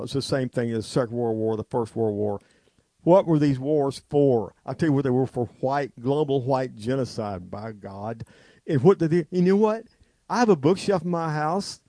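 A man's voice: mid-range voice, creaky, dark tone, dry recording. A man hosting a talk radio show, telling a long rambling story and ranting emphatically. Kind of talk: off-the-cuff radio monologue.

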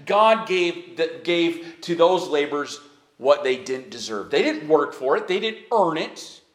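A man preaching a sermon as pastor, moving between quiet earnest stretches and high, emphatic rises. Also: expressive, measured pace. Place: church sanctuary. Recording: echoey church hall.

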